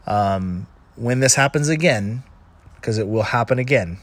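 A man's voice: mid-range voice, a little slow, no room sound. A middle-aged man talking casually about relationships, rambling and restarting, and often acting out clips in quoted voices. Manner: rambling, with frequent restarts and asides; retells video clips in animated quoted voices. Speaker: commentator on relationships. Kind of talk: casual monologue.

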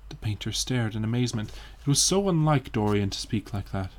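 A man narrating a story as an audiobook, reading in a measured and expressive way. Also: fairly low pitch.

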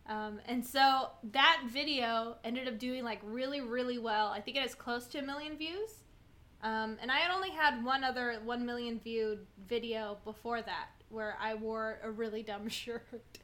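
A woman's voice: a little high, normal speed, bright, forceful tone. A young woman chatting casually as a guest, rambling with lots of ums and likes. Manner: rambling, filler-heavy with many ums and likes. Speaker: guest content creator. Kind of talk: casual chat.

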